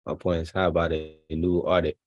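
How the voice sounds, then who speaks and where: A man casually commenting on a video he is watching, relaxed and chuckling often. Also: deep voice, fairly quick, no echo, muffled recording. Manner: laid-back, chuckling often. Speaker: streamer reacting to a video.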